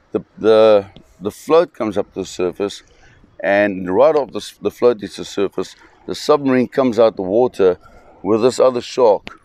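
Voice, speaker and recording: Male storyteller, low register, dry close sound, animated and loose delivery. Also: no room sound. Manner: animated storytelling with fillers and restarts. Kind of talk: spoken anecdote.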